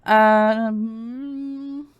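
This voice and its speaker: A woman's voice: fairly high pitch, steady tone, drawn-out words, clear, resonant tone, no echo, highs cut off. Young woman, sarcastic stream commentary, mocking, giggly, feverish, dry room sound.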